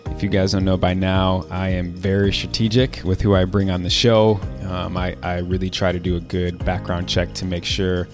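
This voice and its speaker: A man's voice: low voice, little pitch movement, moderate pace, hardly any pauses, over music. A man hosting a podcast, upbeat and chatty as he introduces and interviews his guest. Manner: upbeat, friendly, chatty, with frequent fillers. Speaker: podcast host.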